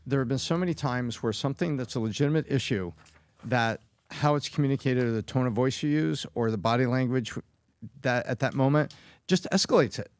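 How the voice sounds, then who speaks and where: A man's voice: mid-range voice, clear, resonant tone, no echo. A married man co-hosting a casual chat, telling a rambling story and laughing mid-sentence. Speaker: co-host.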